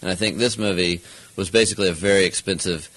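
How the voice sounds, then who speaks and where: Fast-talking deep-voiced man. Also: steady tone, fairly bright tone, rough recording. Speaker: interview participant. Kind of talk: casual interview talk.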